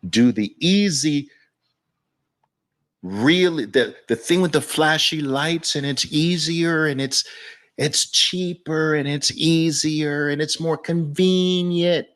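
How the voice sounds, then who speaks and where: A man's voice: fairly high pitch, slow, a bit bright. A middle-aged man with a New York accent hosting a casual livestream, emphatic and motivational, repeating his key phrases. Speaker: livestream host.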